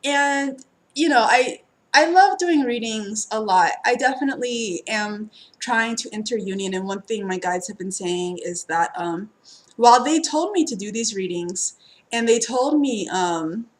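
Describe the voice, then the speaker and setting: A woman, speaking in a slightly raised pitch. She talks casually and ramblingly as a spiritual tarot reader, full of fillers and quick laughs. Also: lively intonation. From United States. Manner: chatty and rambling, many fillers, frequent laughter. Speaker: twin flame tarot reader. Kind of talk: casual spiritual reading introduction.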